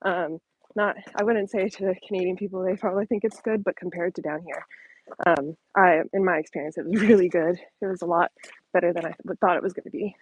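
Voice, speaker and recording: Walking her dog on an outdoor trail, this woman runs a casual phone live-stream Q&A, holding the handset at arm's length. Her voice sits fairly low, slightly rough and fairly even in intonation, and she talks fairly quickly, a bit breathless, chatty with many ums and likes and light laughter. Audio quality is poor.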